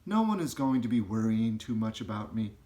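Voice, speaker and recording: A man's voice: on the low side, very animated, a little fast, dark tone. A man voicing a young orphan girl in a plain, matter-of-fact way, close to his own voice.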